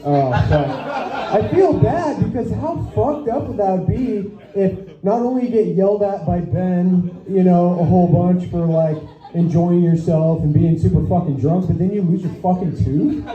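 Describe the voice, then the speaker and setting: Rambling profane young stand-up comic. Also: male voice, sits high, unhurried. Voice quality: profane, rambling, self-amused. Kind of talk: stand-up set. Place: small comedy venue. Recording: echoey lo-fi club recording.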